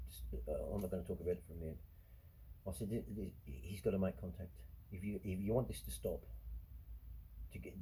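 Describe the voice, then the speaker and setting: A middle-aged Australian man swearing his way through a heated rant, blunt and quick to anger. His voice is dark and very husky, sitting slightly low. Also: low-quality recording. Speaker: show host. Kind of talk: profane monologue.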